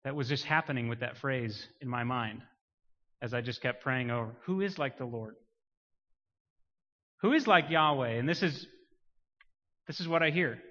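A man's voice: medium pitch, normal speed. Man preaching in a reverberant hall. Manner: dynamic, swings between quiet emphasis and loud rising declarations. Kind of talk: sermon. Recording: muffled sound with long hall reverb.

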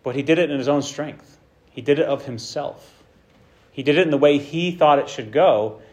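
Impassioned male preacher, loud to hushed. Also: on the high side, moderate pace. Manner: impassioned, swings from loud to hushed, acts out quotes. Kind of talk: sermon.

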